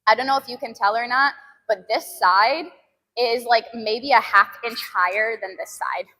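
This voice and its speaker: A woman's voice: fairly high pitch, moderate pace, bright, forceful tone, big-room sound. A woman in her twenties, a fitness streamer, chatting casually with live viewers from a gym, laughing often and groaning at sore muscles. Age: 20s.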